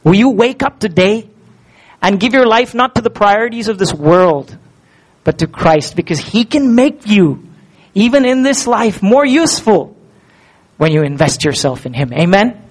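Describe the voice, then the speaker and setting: A male pastor delivering a sermon, animated and full of rhetorical questions. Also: high-pitched, moderate pace, rough recording.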